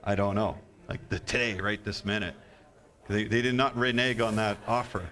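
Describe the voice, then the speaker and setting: A man, a software developer, answering audience questions at a live convention talk, halting and repeating himself with many fillers. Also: fairly low pitch, flat delivery. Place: convention hall.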